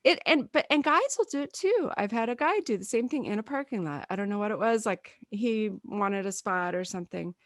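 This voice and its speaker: Animated woman telling a story, dry mic. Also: mid-range voice, brisk, hardly any pauses, no room sound. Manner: animated storyteller, acts out quotes. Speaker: podcast co-host. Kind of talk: casual chat.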